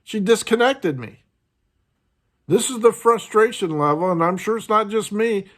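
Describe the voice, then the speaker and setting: A man's voice: lively intonation, moderate pace, a bit bright. A man hosting his own vlog, ranting in a frustrated, casual way about bad customer service. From United States. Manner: frustrated, ranting, mimics others in a higher voice. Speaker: host.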